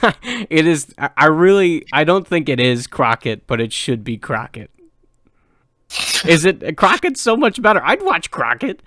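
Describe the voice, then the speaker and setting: Animated young man rambling jokily. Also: fairly high pitch, moderate pace, hardly any pauses, no echo, clean studio sound. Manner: rambling, crude, playful. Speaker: podcast co-host. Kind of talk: casual banter.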